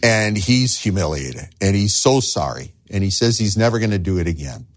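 A man's voice: fairly low pitch, lively intonation, moderate pace. A man preaching a sermon as a pastor, earnest, asking the listeners rhetorical questions and repeating words as he starts phrases.

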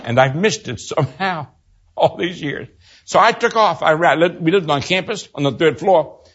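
An older man preaching a sermon, telling a personal story and swinging from loud exclaims to hushed low storytelling. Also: normal speed, slightly rough, lo-fi sound.

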